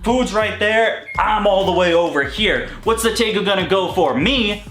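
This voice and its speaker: A man hosting a casual reptile-care vlog from a reptile room in his home, talking in an excitable, joking way. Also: high-pitched, moderate pace. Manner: excitable and joking, yelps in pain when bitten. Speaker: reptile keeper and channel host. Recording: echoey room with faint music.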